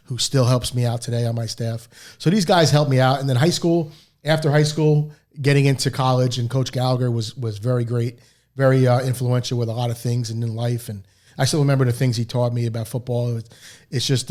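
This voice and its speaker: A man's voice: medium pitch, a little mellow. A middle-aged man, a guest in an interview, telling long rambling stories about his coaches. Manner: rambling anecdotes, acts out quoted dialogue. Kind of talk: storytelling in a podcast interview.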